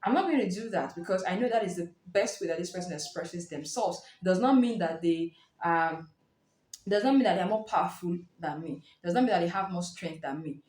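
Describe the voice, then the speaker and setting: A woman giving a casual spoken book review, explaining in a lively way and acting out short reactions. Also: fairly low pitch, fairly quick. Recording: roomy echo.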